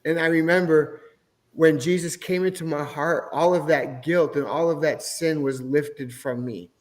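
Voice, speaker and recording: A man's voice: a little high, fairly even intonation, unhurried. A middle-aged man, a podcast guest, telling his personal faith testimony in an earnest, emotional way. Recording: long hall reverb.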